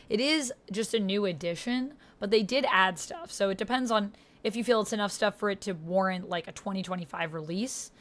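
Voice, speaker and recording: A young woman with a Canadian accent chatting casually to her viewers while playing a game live, reading out chat and filling pauses with "uh" and "like". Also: medium pitch. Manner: chatty, reads chat aloud, frequent fillers. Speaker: streamer. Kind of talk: live-stream gameplay chat.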